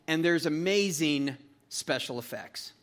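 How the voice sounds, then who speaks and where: A man preaching a casual, animated sermon, reading scripture and retelling the story with frequent restarts. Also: a little high, measured pace. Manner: conversational, animated, with repeated restarts. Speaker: pastor. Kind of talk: expository Bible sermon.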